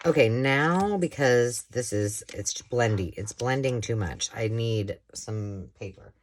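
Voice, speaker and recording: A woman's voice: a bass voice, slow, hardly any pauses, a little hiss or hum. A middle-aged woman hosting a home crafting vlog, chatting and telling a rambling story while she works, laughing and acting out the voices of the people in it. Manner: rambling, animated storyteller who laughs often and acts out quoted voices. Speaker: craft channel host.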